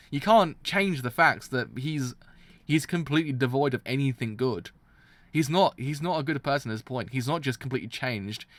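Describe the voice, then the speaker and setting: A man with a medium-pitched voice rants about a story's villain on a live reaction stream, animated and exasperated. He keeps restarting his sentences, and the recording has no room sound.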